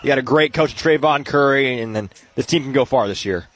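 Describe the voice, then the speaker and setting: A man giving casual post-game sports analysis, agreeable and prone to halting restarts. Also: medium pitch, fairly bright tone. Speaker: color commentator.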